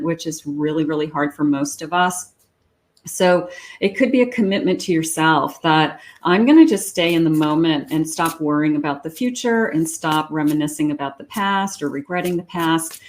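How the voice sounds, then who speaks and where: A woman's voice: low-pitched, a little mellow. Chatty woman giving a tarot reading. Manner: chatty, reassuring, thinks aloud with fillers. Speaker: psychic tarot reader.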